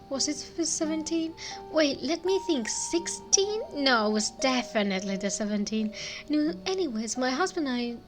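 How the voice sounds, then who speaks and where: A woman voicing a sweet, rambling, cheerful middle-aged cleaning woman. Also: sits high.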